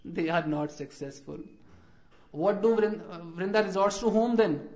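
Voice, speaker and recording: High-pitched guy telling a devotional story, animated, does little voices for the birds and characters. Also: normal speed. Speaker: religious speaker.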